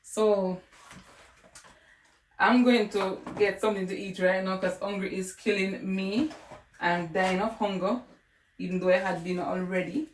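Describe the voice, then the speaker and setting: A woman's voice: medium pitch, steady tone, unhurried, pauses often, echoey room, a little hiss or hum. A woman with a Caribbean English accent tutoring math on a casual livestream, chatting with viewers as she works through problems. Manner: chatty, talks to viewers and answers chat.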